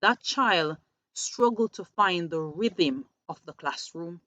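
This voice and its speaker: Low-voiced woman giving earnest parenting advice. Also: expressive, slow pace, pushed and bright. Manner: earnest, repeats words when restarting. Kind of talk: advice talk. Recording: dull lo-fi dry recording.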